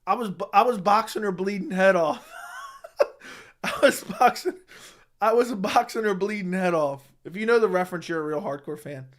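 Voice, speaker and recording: A man's voice: sits high, moderate pace, fairly bright tone. A young man hosting a casual livestream, answering chat with crude, mocking trash talk and frequent laughter. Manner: laughs often. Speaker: livestream host.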